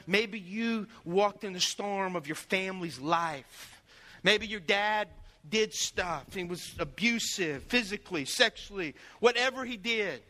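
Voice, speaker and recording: A pastor preaching a sermon, telling stories in an animated way and acting out the voices of the people in them. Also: male voice, sits high, long reverb tail.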